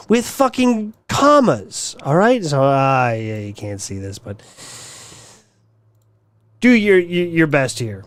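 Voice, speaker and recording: A man's voice: fairly high pitch, sing-song, slow, long pauses, no echo. A man hosting a livestream, ranting casually in a mocking, crude way and swearing often. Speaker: livestream host.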